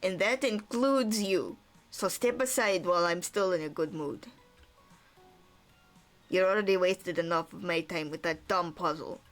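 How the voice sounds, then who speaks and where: Hot-tempered treasure hoarder, put on by a woman: threatening and slow-spoken. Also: lowish voice, faint music behind, natural voice. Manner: threatening, blustery, with a half-tried tough-guy accent.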